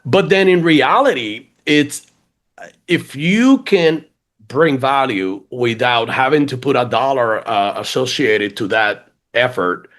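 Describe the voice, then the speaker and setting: A man's voice: mid-range voice, takes it slowly. A man with a noticeable accent, talking as a guest on a business podcast. He is chatty and repeats words as he restarts his thoughts. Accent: funky accent, non-native. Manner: chatty, animated, many restarts. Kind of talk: casual interview chat.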